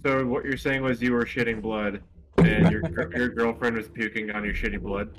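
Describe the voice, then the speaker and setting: A man's voice: medium pitch, fairly even intonation, normal speed, a little hiss or hum, poor audio. A young man in a casual group chat, teasing the others with pushy questions. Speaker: podcast co-host.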